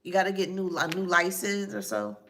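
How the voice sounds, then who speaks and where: A woman with a bright, gravelly voice gives a channeled psychic reading to camera. She lists names one after another and spells some of them out slowly, letter by letter. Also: mid-range voice, steady tone. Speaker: psychic reader.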